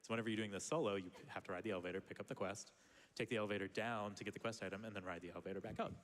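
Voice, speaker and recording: Man, fairly low voice, speedrunner, casual live commentary, quick laughs. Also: steady tone, fairly bright tone. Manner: casual, explains while playing, laughs often.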